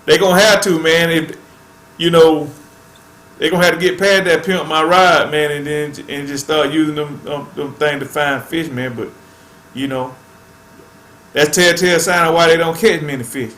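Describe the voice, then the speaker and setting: A man's voice: a little high, steady tone, normal speed, fairly bright tone, reverberant. A man hosting a fishing channel, chatting casually to viewers in a laid-back way and tacking "man" onto nearly every phrase.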